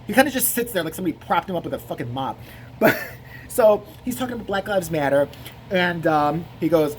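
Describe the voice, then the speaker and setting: A man's voice: a little high, animated, fast talker, slight background noise. A man giving rambling, profane comic commentary on a video. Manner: rambling, profane, laughing asides.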